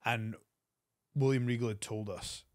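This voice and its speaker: Man telling a lively story. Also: no echo, clean studio sound. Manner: animated storyteller, quick bursts of pitch. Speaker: wrestler guest. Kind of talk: storytelling interview.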